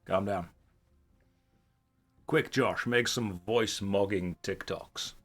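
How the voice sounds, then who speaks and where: Streamer guy, groggy morning voice, really deep, dry jokey chat. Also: slow, a bit bright, faint music behind. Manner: dry, joking, self-mocking. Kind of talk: casual live-stream chat.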